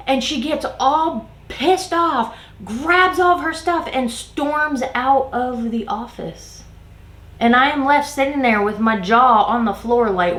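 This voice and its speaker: A woman's voice: fairly high pitch, measured pace. Chatty woman telling a workplace story. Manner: animated retelling, acting out quoted coworkers, heavy use of "like". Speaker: beauty vlogger. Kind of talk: chatty storytime while doing makeup. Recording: roomy echo.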